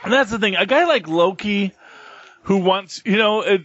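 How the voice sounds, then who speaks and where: Rambling podcast co-host, dry lo-fi sound. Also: male voice, high voice, moderate pace, a bit bright, dry recording. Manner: rambling, many fillers and restarts. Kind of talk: casual chat. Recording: dull lo-fi podcast audio, dry.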